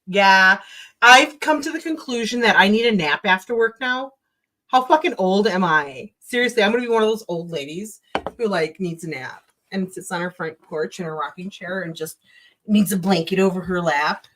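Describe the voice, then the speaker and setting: A woman with a Minnesota accent hosts a relaxed livestream from home. She jokes, laughs and swears freely in an easy, mid-pitched voice. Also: moderate pace. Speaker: livestream host. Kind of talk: casual late-night chat.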